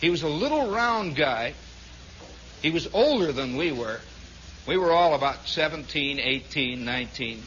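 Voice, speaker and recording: A man's voice: fairly high pitch, lively intonation, moderate pace, a bit bright, a little hiss or hum. A man from Indiana telling a long, rambling story on his radio show, full of asides. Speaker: radio host. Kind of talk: storytelling monologue. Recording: dull lo-fi 1960s radio broadcast.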